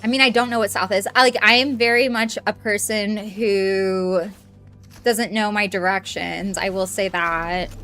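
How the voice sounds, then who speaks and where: Faint music runs under this medium-pitched woman as she plays a game on stream. Chatting casually with her audience, she gets excited easily, swears readily and squeals hello whenever someone new shows up.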